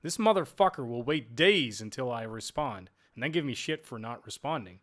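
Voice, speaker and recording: A man's voice: medium pitch, animated, normal speed, a bit bright. A man co-hosting a podcast, chatting casually and ranting with lots of swearing and restarted sentences. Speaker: podcast co-host. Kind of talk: casual chat. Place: lives in Amsterdam.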